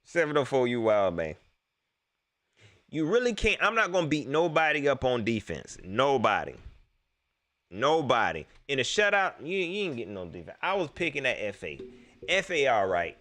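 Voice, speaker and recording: Young male stream host, casual and lively, mid-range voice. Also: mid-range voice, a little slow, long pauses. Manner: animated, laughs often, talks straight to the chat. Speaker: live-stream sports show host. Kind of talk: casual post-game commentary to live chat.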